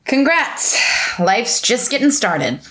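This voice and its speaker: A woman reading a breezy, deadpan leasing agent. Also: on the high side, takes it slowly, exaggerated voice. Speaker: actor in a script table read. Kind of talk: script table read.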